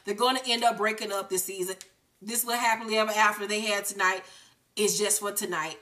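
High bright profane woman recapping TV. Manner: animated, profane, acts out characters. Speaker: TV recap host. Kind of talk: casual profane episode recap.

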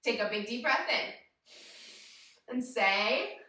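A woman's voice: a little high, expressive, takes it slowly, pushed and bright, heavy reverb, recorded from a distance. A woman leading a playful yoga lesson for young children, talking straight to them in a sing-song way. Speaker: kids yoga teacher.

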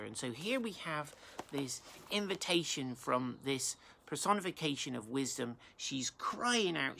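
A man's voice: a little high, animated, moderate pace, gravelly, sharp tone, a little hiss or hum. A man pastor from England giving an informal Bible talk, reading verses aloud and then explaining them in plain words.

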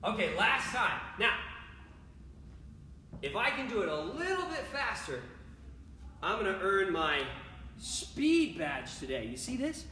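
A man's voice: high-pitched, very animated, a little slow, long pauses, sharp tone, heavy reverb, a little hiss or hum. A man coaching a children's home gymnastics workout, upbeat and playful, talking straight to the kids watching. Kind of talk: kids' home workout lesson.

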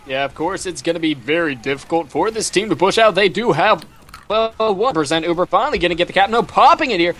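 A commentator calling a video game match with rapid play-by-play, saying "gonna be" constantly. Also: mid-range voice, expressive, fairly bright tone. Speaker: esports commentator.

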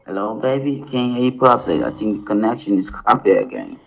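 Guy on a crappy phone line, gravelly creaky voice, slow sugary talk, keeps saying baby. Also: lowish voice, very animated. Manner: slow and syrupy, calls everyone baby. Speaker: online scammer on a voice call. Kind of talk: voice call. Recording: tinny, choppy phone line.

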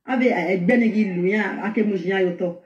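A woman speaking Nigerian Pidgin English recounts a family matter in a rambling, emotional way. Her pitch sits in the middle range. The clip sounds roomy and muffled, as if it were replayed from another video. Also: brisk, a little mellow. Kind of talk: personal storytelling.

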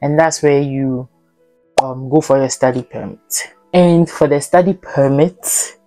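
A young woman from Ghana talks through her travel tips in a relaxed, chatty vlog. Her voice sits low and mellow, recorded close and dry, with faint music underneath. She laughs easily and jumps up in pitch when she acts out conversations. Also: measured pace, no room sound. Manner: chatty, laughs often, acts out airport dialogue in a raised voice. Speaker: vlogger. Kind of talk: casual travel advice vlog.

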